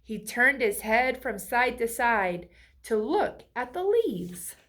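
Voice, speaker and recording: Woman reading a storybook aloud to kids, slow and animated. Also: on the high side. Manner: asks the listener friendly questions. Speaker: storybook reader. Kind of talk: children's read-aloud.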